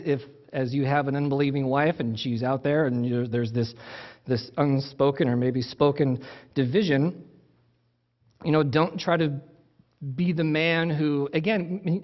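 A man delivers a sermon in a relaxed, conversational teaching manner. His voice sits a little high for a man, and he often circles back to restart a phrase. The recording sounds dull and muffled. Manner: conversational preaching with restarts and asides. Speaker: pastor.

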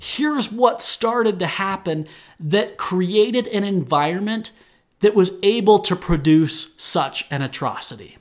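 A man's voice: high-pitched, animated, takes it slowly. A young man hosting a solo podcast, talking earnestly with restarts and fillers. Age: young adult. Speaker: podcast host.

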